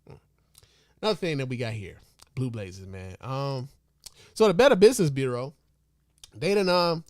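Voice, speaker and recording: A man hosting a comedic podcast, ranting in a profane, mock-outraged way that swings from loud outbursts to low mutters and chuckles, speaking into a podcast microphone. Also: dry recording, clean studio sound. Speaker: podcast host.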